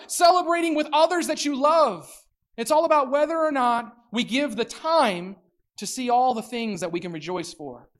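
A preacher in full sermon mode, reading scripture in a slow, deliberate cadence. The delivery is expressive, dropping to quiet reflection and then rising to loud, excited calls. The voice sits in a middle pitch. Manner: expressive, swings from soft reflection to loud exclamations; reads scripture slowly and deliberately.

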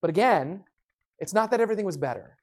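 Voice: mid-range voice, animated, quick pace. A preacher giving a sermon with a Bible reading, speaking emphatically and acting out the voices in the quotes.

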